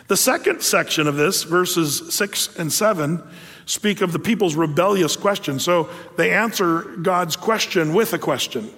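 Man, pastor, sermon, high voice, casual storytelling, long hall reverb. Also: unhurried. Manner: conversational, animated storytelling. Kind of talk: sermon with scripture reading.

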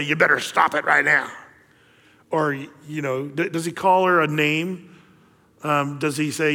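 Pastor, somewhat high-voiced man, casual storytelling sermon full of fillers, long hall reverb. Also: a bit bright. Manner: conversational, storytelling, many fillers and restarts.

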